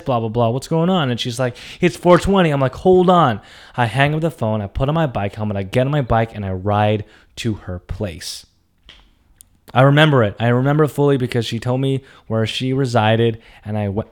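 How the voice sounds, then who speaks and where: A young man telling a personal story, animated, acting out quotes with loud outbursts. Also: on the low side. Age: young adult. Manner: animated, acts out quotes with big loud jumps.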